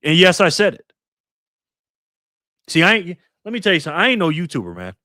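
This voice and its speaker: A man's voice: sits high, huge pitch swings, fairly quick, pushed and bright, no room sound, clean studio sound. A man in his fifties from New York State, hosting a live political commentary stream and ranting angrily with lots of profanity. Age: 50s. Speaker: livestream host.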